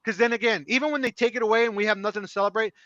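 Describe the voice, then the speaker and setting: A middle-aged podcast co-host delivers a heated opinion rant, impassioned, emphatic and profane, in a high, sharp voice with fairly even intonation and rapid-fire delivery. The recording is dry with a dull lo-fi sound.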